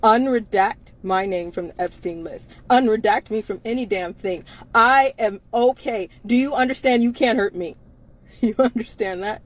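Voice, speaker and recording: A woman's voice: on the high side, normal speed. A tired woman on a livestream, talking emphatically and repeating herself with laughs between phrases. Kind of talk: livestream monologue.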